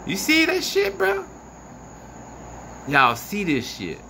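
A man narrates from outdoors at night, filming on his phone and talking straight to his viewers. His pitch leaps up and down as he exclaims, swears and questions. Loud crickets, insects and passing cars fill the background. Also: slow pace, creaky. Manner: animated, profane, incredulous, talks to viewers. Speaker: vlogger filming the night sky. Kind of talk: excited live commentary. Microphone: phone camera. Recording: noisy outdoor phone recording. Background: crickets and insects, passing vehicles.

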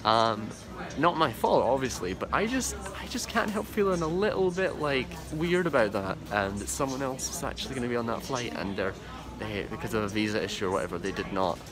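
Chatty young man, lively low voice. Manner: chatty and rambling, with many fillers and restarts. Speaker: vlogger. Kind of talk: casual travel vlog. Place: airport departure area, indoors.

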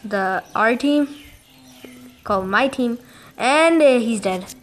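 Woman, slow-talking gamer, high voice, excitable, casual commentary. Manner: excitable, exclamatory reactions. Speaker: gameplay commentator.

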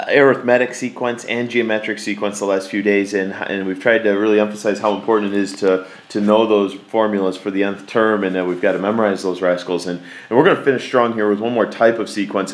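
A man with a fairly low voice teaching a math class. He talks in a folksy, easygoing way, stopping to stress and repeat the words that matter most. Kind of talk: classroom lecture.

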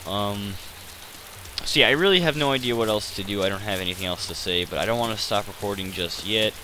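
A man's voice: lowish voice, a little fast, noisy background. A man giving rambling, self-deprecating commentary over his gameplay, hesitant and full of fillers. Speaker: gaming channel host.

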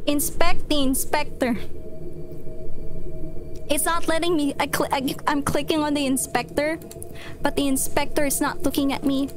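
High-voiced panicky woman streamer. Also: steady tone, normal speed, long pauses, noisy background. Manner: panicky, exclaiming, repeats herself. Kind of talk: live horror game commentary.

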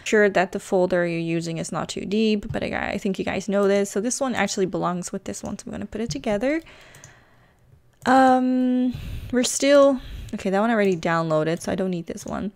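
A woman's voice: mid-range voice, a little fast, darkish tone, no room sound. A woman hosting a casual screen-recorded tutorial, chatty and rambling with a self-teasing manner, talking into a desk microphone. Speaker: gaming channel host.

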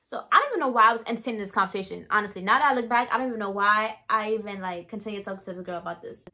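A young woman vlogger telling a story, animated and emphatic, with laughing asides to viewers. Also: medium pitch, very fast. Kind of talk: storytime vlog.

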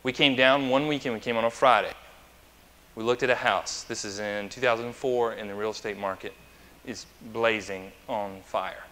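A man's voice: on the low side, fairly even intonation, moderate pace, bright, forceful tone, a little hiss or hum. A male pastor preaching a conversational sermon, chatty and anecdotal, who asks the congregation questions. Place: church sanctuary. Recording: long church reverb.

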